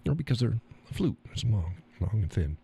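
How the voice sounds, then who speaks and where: A man's voice: on the low side, sing-song, a little fast, creaky, mellow, slightly rough. A man hosting a live stream, rambling and chuckling as he reads viewer comments. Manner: chuckling, rambling, joking with profanity. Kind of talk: casual chat reading viewer comments.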